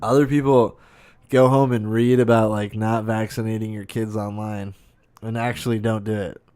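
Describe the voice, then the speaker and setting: A young man ranting on his podcast, profane and incredulous as he vents. His voice is smooth and resonant, and the recording sounds dry and close. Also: lowish voice, little pitch movement, moderate pace, a little mellow, no room sound. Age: young adult. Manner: profane, incredulous, swearing often. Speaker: podcast host. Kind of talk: ranting monologue.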